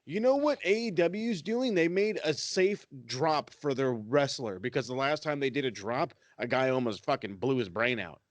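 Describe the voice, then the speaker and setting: A man's voice: mid-range voice, normal speed, hardly any pauses, dry recording. A man co-hosting a wrestling podcast, ranting in a heated, profane, sarcastic way. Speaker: podcast co-host.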